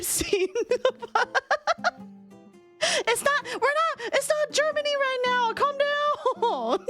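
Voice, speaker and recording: A very high, bouncy woman's voice that swoops up and down as she chats on a live stream. She laughs a lot, swears casually and talks at an unhurried pace. Faint game music plays behind her. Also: fairly bright tone. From United States. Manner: giggly, swears freely, laughs often.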